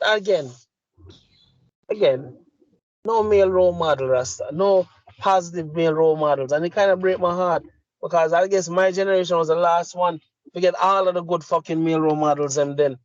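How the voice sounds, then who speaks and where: A middle-aged Jamaican-accented man co-hosts a podcast, launching into a heated, profane, emphatic rant. His voice sits high and moves at a moderate pace. The audio is dry, lo-fi, and slightly muffled, with no echo.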